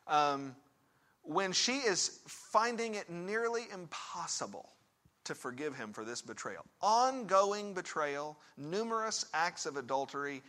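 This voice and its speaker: With a sing-song voice that runs a little high, a pastor and counselor preaches at a measured pace. He tells a story conversationally, poses direct questions to his listeners, and swings between hushed and emphatic.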